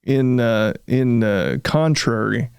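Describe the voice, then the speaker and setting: A man, a real estate developer being interviewed, telling his story in a casual, animated way and often acting out what he said at the time. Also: medium pitch, takes it slowly, creaky, smooth, dry recording, studio quality. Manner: animated, reenacts his own past remarks, frequent fillers.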